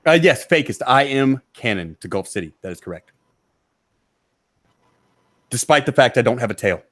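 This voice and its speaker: A man hosting a stream from a back room of his house, ranting loudly and mockingly with heavy profanity. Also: mid-range voice, animated, no room sound. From Texas. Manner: loud, mocking, rapid rant. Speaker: stream host.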